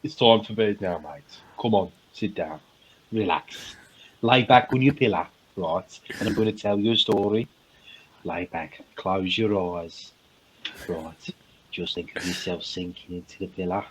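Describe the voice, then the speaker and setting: A hushed, lulling bedtime storyteller, as a man puts him on, in a whispered role-play. He speaks slow and soft, coaxing the listener to lie back and drift off. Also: sits low, slightly rough, voice pushed down, low-quality recording. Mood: soothing. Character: soothing male bedtime storyteller.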